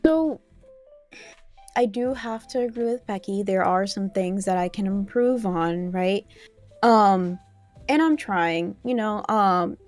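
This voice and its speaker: A woman's voice: medium pitch, animated, takes it slowly, a little mellow, faint music behind. A woman co-hosting an online talk show, pushing her voice with extra energy so it comes out shaky. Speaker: co-host. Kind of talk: casual online show chat.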